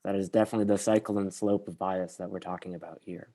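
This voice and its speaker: A man facilitating an online bias training, speaking in a measured way with frequent pauses. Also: low-pitched, fairly even intonation, warm tone. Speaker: workshop facilitator.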